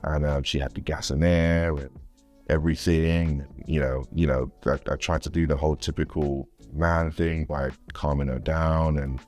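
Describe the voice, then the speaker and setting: Very deep-voiced man telling a story. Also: normal speed, faint music behind. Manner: rambling, repeats words, animated when quoting others. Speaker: guest father. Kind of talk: casual storytelling interview.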